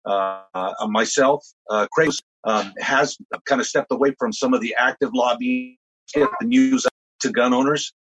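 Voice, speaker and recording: Husky, hesitant man being interviewed. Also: mid-range voice, moderate pace, fairly bright tone, low-quality recording. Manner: hesitant, full of restarts and fillers. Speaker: lobbyist guest. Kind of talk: interview conversation.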